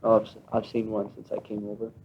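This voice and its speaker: A man's voice: lowish voice, monotone, fast talker, a little hiss or hum. Young man on an old home tape. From United States. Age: young adult. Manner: chatty, homesick, laughs often. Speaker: missionary recording a letter home. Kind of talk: spoken letter on tape. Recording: lo-fi 1960s home tape, phone-like band.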